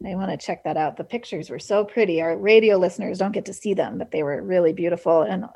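Husky, gravelly-voiced woman radio host. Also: fairly low pitch, fast, darkish tone. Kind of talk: casual book chat on radio.

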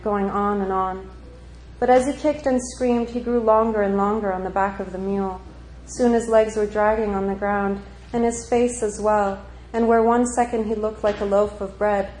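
Calm woman reading a story in an echoey room. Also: mid-range voice, slight background noise. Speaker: narrator. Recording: echoey room with faint ambience.

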